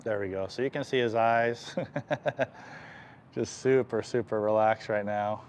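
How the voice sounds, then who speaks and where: A man working as an equine chiropractor, explaining stretches on a live stream while softly soothing the horse and often clearing his throat. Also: fairly low pitch, fairly even intonation, unhurried, a little hiss or hum. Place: horse stall in a stable.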